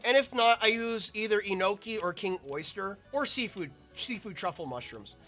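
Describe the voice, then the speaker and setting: High bright guy rambling about whatever while he plays a game, keeps cutting himself off. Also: lively intonation, moderate pace, soft background music. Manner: rambling, chatty, self-interrupting. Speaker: gaming video creator. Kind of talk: casual gameplay commentary.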